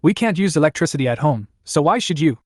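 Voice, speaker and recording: A spiteful, bossy middle-aged nanny who scolds shrilly, put on by a man. She is pitched fairly high and sounds dry and close. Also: lively intonation, fast talker, no room sound. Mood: indignant.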